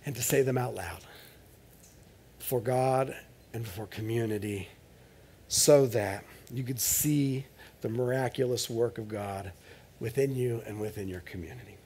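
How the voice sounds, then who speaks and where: A male pastor preaching a sermon in church in a conversational, joking way, swinging between loud bursts and hushed asides. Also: mid-range voice, unhurried, pauses often, slightly rough.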